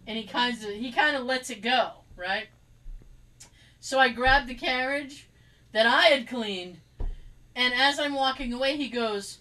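A woman telling a story in casual chat, animated and laughing, acting out quotes as she rants. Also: fairly high pitch, a little slow, low-quality recording. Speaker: co-host.

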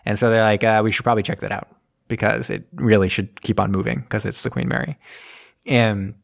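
A man in casual chat, recapping a film plot and acting out the characters' lines in quick voices. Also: on the low side, steady tone, creaky. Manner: rambling, acts out scenes in quick voices. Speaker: podcast host recapping a film.

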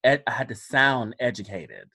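A man's voice: medium pitch, very animated, moderate pace, creaky, sharp tone, slightly rough. A man from Alabama with a light Southern accent, a podcast guest talking in a reflective, casual way with frequent restarts. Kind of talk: casual conversation.

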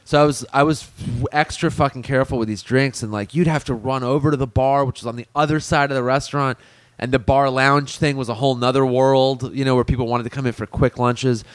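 Podcast guy swearing a lot telling old job stories, middle pitch, dry close sound. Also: a little fast, clear, resonant tone, no echo. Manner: profane, lively storytelling. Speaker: podcast co-host. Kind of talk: casual podcast storytelling.

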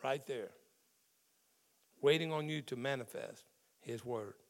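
A man's voice: medium pitch, unhurried. A man who is a pastor, preaching a sermon in a conversational way and explaining the meaning of Greek words in scripture.

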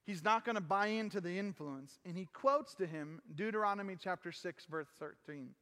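High-voiced preacher in an echoing hall. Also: male voice, moderate pace, bright, forceful tone. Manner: earnest, emphatic, drops low on key phrases. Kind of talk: sermon. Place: church sanctuary. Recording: long reverb of a large hall.

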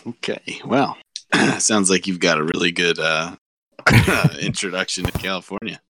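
Deep-voiced swearing host. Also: male voice, bright, forceful tone, no echo. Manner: blunt and swearing, quick to laugh. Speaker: podcast host. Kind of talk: casual chat.

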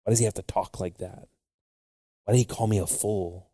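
A pastor with a lowish, warm, husky voice preaches and prays in both English and Spanish at normal speed, his intonation fairly even. He keeps pleading with the Lord and Jesus, recorded in studio quality without echo.

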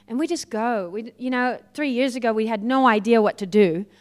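Woman preacher, lively storyteller, higher voice. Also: fairly quick. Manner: lively storytelling, laughs often, acts out quoted voices. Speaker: guest preacher. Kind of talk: sermon with personal stories.

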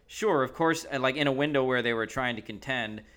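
A man with a bright, smooth, clear voice, co-hosting a casual podcast chat. He makes his case in an opinionated way, with plenty of ums and likes along the way. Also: medium pitch, fairly quick. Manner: opinionated, argues his point with fillers. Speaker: podcast co-host.

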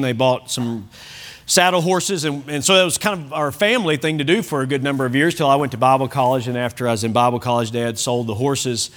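A man's voice: medium pitch, a bit bright. A man preaching a sermon as pastor, reading scripture with emphasis, chuckling and turning to the congregation with asides. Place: church sanctuary.

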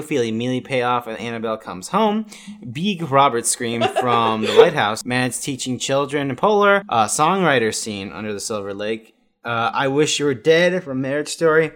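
Steady man reading out a list. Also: mid-range voice. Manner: steady, reads out lists. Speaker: podcast co-host. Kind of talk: casual film chat.

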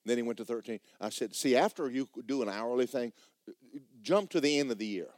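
A man preaching a sermon, telling stories in an animated, repetitive way. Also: mid-range voice, a little fast, dry recording, studio quality.

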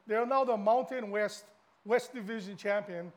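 A man's voice: sits high, normal speed. A middle-aged man from Hawaii with a Hawaiian accent, a guest pastor giving a casual, chatty sermon to the congregation.

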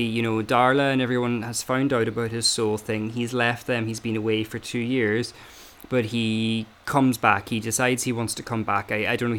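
A man's voice: mid-range voice, a bit bright. A man hosting a casual podcast chat, explaining at length with many hesitations and fillers. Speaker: podcast host.

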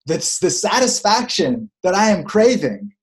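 A man's voice: high-pitched, sing-song, moderate pace. A man who is a spiritual coach, giving an earnest, reflective talk and searching for words, often repeating phrases.

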